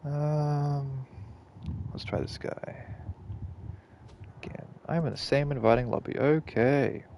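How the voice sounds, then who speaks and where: A man's voice: medium pitch, measured pace, vocal fry, a little mellow, a little hiss or hum. A man giving casual gameplay commentary, laid-back and swearing freely while he mutters to himself. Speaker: gaming channel host.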